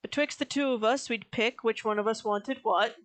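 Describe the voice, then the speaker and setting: A woman's voice: a little high, normal speed. A young American woman chatting casually with a friend, laughing often. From United States. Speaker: streamer co-host. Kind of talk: casual chat.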